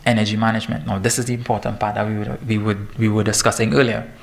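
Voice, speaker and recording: A man in his thirties, a fitness trainer giving a lively, joking talk to parents. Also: on the low side, fast, gravelly. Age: 30s. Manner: lively and joking, laughs at himself. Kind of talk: presentation to parents.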